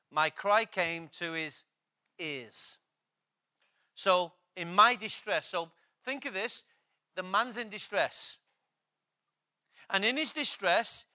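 A man's voice: high voice, sharp tone. A man preaching a sermon, emphatic, repeating key phrases and asking the congregation questions.

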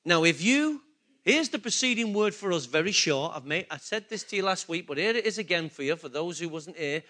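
A man's voice: high voice, lively intonation, a little fast, bright, forceful tone. A man preaching a sermon, talking conversationally and throwing questions at the congregation. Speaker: pastor.

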